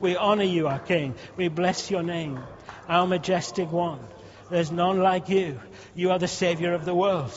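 A man leads his congregation in prayer, stacking fervent, repeated requests. His voice sits high. The sound is dull and hangs in a long church-hall reverb. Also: steady tone, moderate pace, hardly any pauses. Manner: fervent, repetitive, rising pleas. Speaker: pastor.

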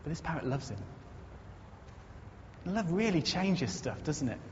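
A man's voice: on the high side, very animated, a little slow. A man preaching a conversational sermon in a church, earnest and storytelling, building to emphatic repetition. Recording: echoey muffled hall recording, faint noise.

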